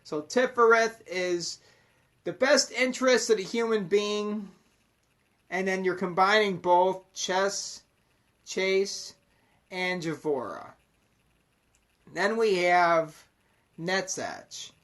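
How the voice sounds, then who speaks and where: A man talks slowly through spiritual teachings, unhurried and drawn out. He rambles casually and peppers every thought with curses, pressing his points with blunt emphasis. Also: sits high, fairly bright tone. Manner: swears constantly, rambling and emphatic. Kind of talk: casual profane monologue explaining Kabbalah.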